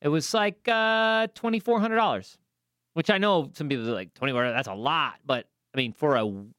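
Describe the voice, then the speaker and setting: A man co-hosting a podcast in casual banter, playful and exuberant, breaking into loud showman-style bursts. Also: a little high, moderate pace, dry recording, clean studio sound. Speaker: podcast co-host.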